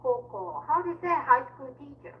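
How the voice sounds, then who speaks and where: A woman teaches in a one-on-one lesson, patiently explaining each point and modeling words for her student. Her voice sits high. The sound is slightly muffled and lo-fi, like a video call. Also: a little fast, vocal fry. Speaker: independent Japanese tutor.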